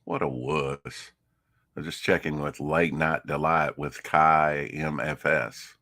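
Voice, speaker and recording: Deep, slow-talking man streaming. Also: flat delivery, pushed and bright, no echo, studio quality. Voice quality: deep low voice. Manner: laid-back, croons and hums between remarks. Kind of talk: casual morning stream chat.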